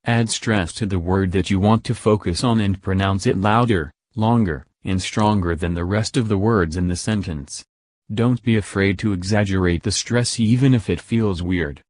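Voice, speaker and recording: A man narrating a scripted English pronunciation lesson in a measured, instructive way. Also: low voice, darkish tone, no room sound, studio quality.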